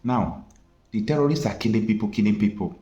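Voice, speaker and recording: A man's voice: lowish voice, brisk, mellow, reverberant. A Nigerian man giving an impassioned political commentary, emphatic and full of rhetorical questions.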